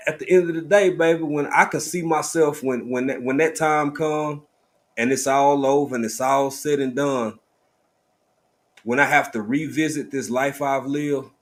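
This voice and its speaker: A man's voice: mid-range voice, fairly even intonation, moderate pace. A middle-aged man hosting a livestream, talking in a heartfelt, preacherly way and calling his listeners family. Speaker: livestream host. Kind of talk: casual live stream chat.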